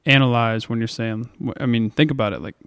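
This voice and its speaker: A man's voice: medium pitch, fairly quick, a bit bright, clean tone, dry recording, studio quality. A man co-hosting a podcast, talking through a book chapter on faith in an earnest, thinking-aloud way with fillers. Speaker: podcast co-host. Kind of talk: casual faith discussion.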